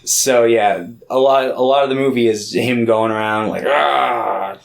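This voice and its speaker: A man's voice: mid-range voice, normal speed. Rambling man on a movie podcast. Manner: rambling, filler-heavy, quotes characters in put-on voices. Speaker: podcast co-host. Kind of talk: casual movie review chat.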